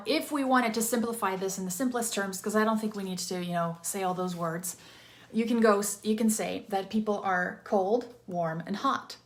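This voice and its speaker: A woman in her thirties, an interactive storytelling coach, giving an upbeat, chatty live-streamed talk from a room with some echo. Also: medium pitch. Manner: upbeat, chatty, energetic with bursts of enthusiasm.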